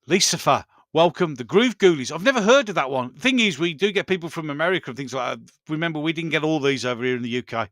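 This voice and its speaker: Male streamer, chatty and excitable, slightly high bright voice, dry close sound. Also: fast talker, few pauses, no room sound. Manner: enthusiastic, repeats "absolutely", laughs often. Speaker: livestream host. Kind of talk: casual live chat reading viewer comments.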